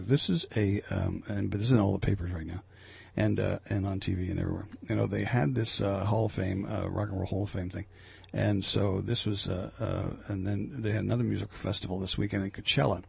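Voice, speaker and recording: A man hosting a radio talk show, rambling casually with lots of fillers and restarts. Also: fairly low pitch. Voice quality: gravelly, husky. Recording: dry, lo-fi radio audio.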